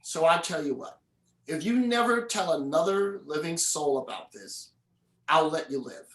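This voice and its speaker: A man voicing a calm, menacing male alien who has lived for centuries, speaking in low, flat threats. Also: normal speed, roomy sound, poor audio.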